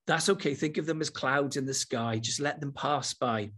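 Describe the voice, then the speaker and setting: Husky man leading guided meditation. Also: medium pitch. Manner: enthusiastic, then slow and soft when guiding. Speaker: spiritual teacher.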